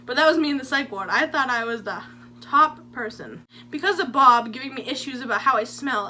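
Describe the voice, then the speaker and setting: A young woman with a high, bright voice tells stories in a chatty, jokey way. She sounds animated and playful and talks straight to her viewers. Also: brisk, slight background noise. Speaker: vlogger. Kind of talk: story time vlog.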